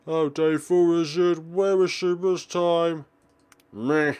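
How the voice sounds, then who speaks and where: Man reacting loudly to a game. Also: on the high side, fairly even intonation, slow, smooth. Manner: exclamatory, dramatic reactions. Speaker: let's play host. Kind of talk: gameplay commentary.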